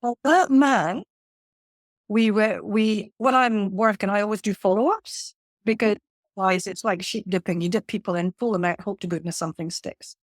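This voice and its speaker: A woman, a leadership coach telling a lively workplace anecdote as a podcast guest. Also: medium pitch, normal speed, dry recording, clean studio sound. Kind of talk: conversational storytelling.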